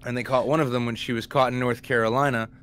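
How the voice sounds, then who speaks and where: A man co-hosting a podcast, telling rambling stories with dry, dark humor in a casual chat. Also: mid-range voice, fairly even intonation, fast talker, a little hiss or hum. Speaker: podcast co-host.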